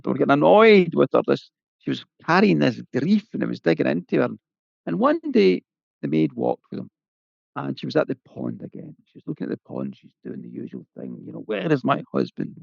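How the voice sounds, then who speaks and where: A man's voice: a little high, vocal fry, darkish tone, dry recording. A man telling a folk tale in a lilting, conversational way with folksy asides. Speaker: storyteller. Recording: dull lo-fi, dry.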